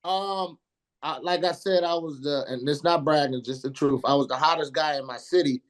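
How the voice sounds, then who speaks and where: A man in his forties from Indiana, a radio DJ telling stories as an interview guest in slangy, animated speech, acting out the people he quotes. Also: fairly high pitch, moderate pace. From Indiana, USA. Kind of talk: casual storytelling interview.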